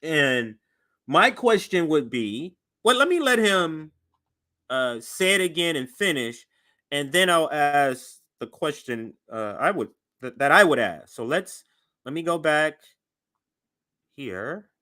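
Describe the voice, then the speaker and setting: A man hosting a show, giving animated political commentary as he reacts to news clips. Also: on the high side, slow. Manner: animated and conversational, voice jumps up for emphasis.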